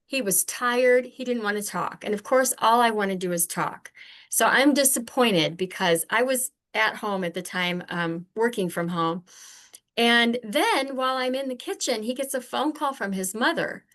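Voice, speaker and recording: An older woman who is a podcast guest, telling earnest personal stories in a candid, animated conversational way. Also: fairly high pitch, normal speed. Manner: earnest, animated, acts out remembered exchanges.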